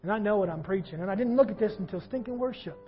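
A husky-voiced male pastor preaching a sermon in a church, swinging between quiet reflection and loud fervent passages. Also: sits high, racing, dull audio, soft background music. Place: church sanctuary.

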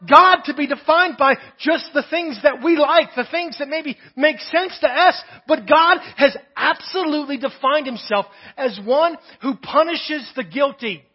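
A man preaching a sermon in church, telling a story and dropping soft and low on the words he wants to land. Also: measured pace, few pauses, highs cut off. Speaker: pastor. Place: church sanctuary.

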